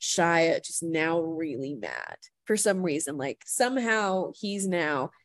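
A woman guest on a podcast telling a story in casual chat, animated and full of "like" fillers, acting out what people said. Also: low voice, slow pace, no echo. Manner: animated storyteller, heavy "like" fillers, acts out quotes.

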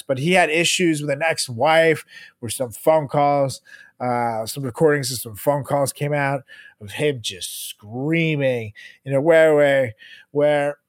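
A male podcast co-host in relaxed banter, cursing and chuckling as he goes. His voice sits a touch high and the sound is close and dry. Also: dry recording. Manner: laughs often, loose and profane. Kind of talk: casual chat.

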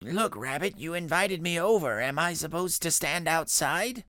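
Storybook read-aloud: narrator playing a sarcastic male fox, dry and mutter-prone, lively inflection. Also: mid-range voice, moderate pace, no echo, lightly acted. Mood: wry. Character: wry, grumbling male fox.

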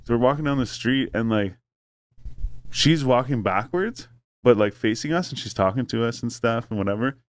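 A man's voice: mid-range voice, lively intonation, normal speed, dry recording. A man telling a long story in casual chat, rambling and profane with many fillers. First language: English.

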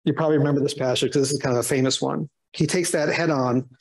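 A male Bible teacher talks a class through a text in a relaxed, conversational way. He reads verses aloud with emphasis and drops in sarcastic asides. His questions come quick and animated. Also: medium pitch, vocal fry, poor audio.

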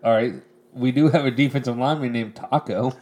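A man's voice: medium pitch, a little fast, darkish tone. Laid-back man chatting and laughing. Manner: laughs easily, explains league rules in a loose rambling way. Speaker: podcast co-host. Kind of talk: casual chat.

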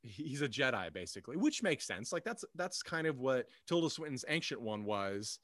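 A man's voice: medium pitch, big pitch swings, moderate pace, fairly bright tone, no room sound. A man talking through an old TV movie in a loose, rambling way, full of ums and restarts. His voice sits in a middle register and sounds dry and close, with almost no room around it. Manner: rambling, many fillers and restarts. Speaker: podcast co-host. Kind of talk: casual film discussion.

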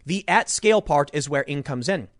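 A man's voice: fairly high pitch, expressive, moderate pace, no room sound, studio quality. A man giving sarcastic political commentary, reading an article aloud with mocking asides.

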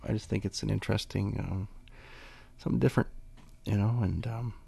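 Laid-back low gravelly man rambling. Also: steady tone, a little fast, mellow, no room sound. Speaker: podcast host. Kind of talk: casual solo podcast talk.

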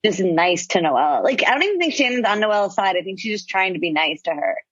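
A woman co-hosting a podcast in quick, chatty talk, her voice husky. The recording is dull and dry. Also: mid-range voice, big pitch swings, fairly bright tone, no room sound. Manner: quick, chatty, laughs often. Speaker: podcast co-host. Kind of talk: casual chat about a reality show.

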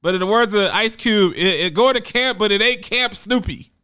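A man talking in a casual, conversational monologue, animated and often repeating words as he goes. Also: high voice, normal speed, clear, resonant tone.

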